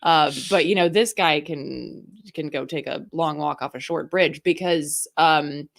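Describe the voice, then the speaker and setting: A woman's voice: low voice, measured pace, vocal fry. A woman co-hosting a live political show, chatting casually and explaining things wryly. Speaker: co-host.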